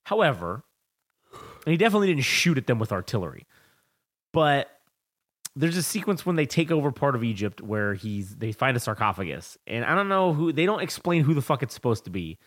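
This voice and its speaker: A man's voice: medium pitch, brisk. A man co-hosting a podcast, retelling film scenes in a casual, profane chat and acting out lines. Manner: animated, profane storytelling, acts out movie lines. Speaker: podcast co-host.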